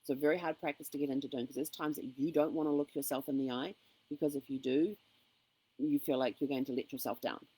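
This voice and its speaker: A woman's voice: extremely low pitch, fairly even intonation, fast talker, warm tone, slightly rough, rough recording. A woman giving an upbeat, encouraging motivational vlog to camera, with frequent ums. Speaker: motivational vlogger. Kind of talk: casual motivational talk to camera.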